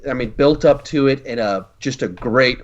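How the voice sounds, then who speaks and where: A man's voice: medium pitch, moderate pace. A man in a casual discussion, searching for words and joking. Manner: hesitant, joking. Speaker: guest. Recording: lo-fi online call audio.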